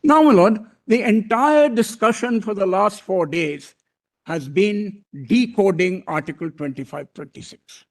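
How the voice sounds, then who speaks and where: An older advocate makes his case before a bench of judges. His voice sits high for a man. He speaks in a formal, deferential way and returns again and again to "my lord.". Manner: formal and deferential, repeatedly saying "my lord", with pauses and restarts. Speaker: senior advocate arguing before a court. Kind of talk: courtroom oral argument.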